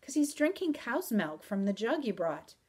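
A woman reading aloud in the voice of a mysterious, teasing wandering man with calm, old-country phrasing. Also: a little high, moderate pace, husky. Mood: wry. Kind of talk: audiobook reading.

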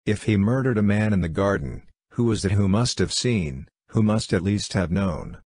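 A fearless young lady of rank, read by a man in his own low voice. She speaks clearly, with a slight quiver, standing her ground. The recording is dry and close. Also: normal speed, a little mellow, no echo, natural voice. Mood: fierce. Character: proud young noblewoman, brave and fierce.

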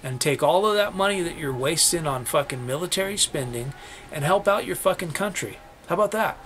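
A man's voice: fairly high pitch, expressive, a little fast, a bit bright, slight background noise. A young man ranting about politics, cursing often and firing off repeated rhetorical questions. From United States. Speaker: vlogger. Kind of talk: angry political rant.

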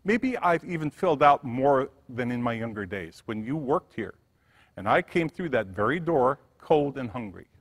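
A man's voice: medium pitch, big pitch swings, normal speed. A man voicing a wealthy, kind middle-aged businesswoman who speaks politely but insists. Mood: gracious. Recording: church hall reverb.

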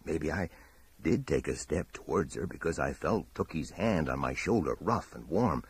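A man reading a horror audiobook in a measured, dramatic storytelling manner. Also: very deep voice, expressive, breathy edge, dry recording. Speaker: audiobook narrator. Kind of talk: scripted horror narration.

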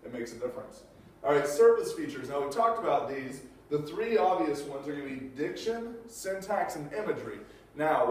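A man lecturing a class in an easy, conversational way, his voice sitting a little high. He is far from the mic in a very echoey room with a faint hum of ambience behind him. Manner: conversational, many fillers and rhetorical questions. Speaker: teacher.

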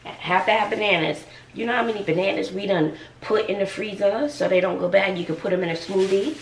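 A woman's voice: mid-range voice, brisk, vocal fry, distant mic, slight background noise. A woman in her forties, a schoolteacher, chatting casually to viewers while cooking in her home kitchen, sassy and talkative. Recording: echoey room, voice off-mic.

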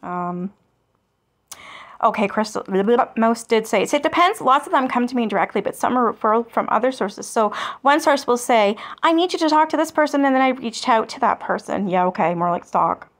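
A woman's voice: a little high, animated, brisk. Sarcastic woman reacting to comments. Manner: sarcastic and scornful, swears freely. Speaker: commentary channel host. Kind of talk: reading and reacting to online comments.

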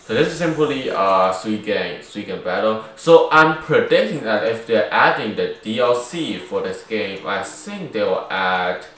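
A man's voice: on the low side, expressive, a little slow, few pauses, fairly bright tone. A man giving casual, rambling let's-play commentary, joking and correcting himself, recorded on a mic far from him. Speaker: gaming YouTuber. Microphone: far from the speaker. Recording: very echoey, distant mic, faint noise.

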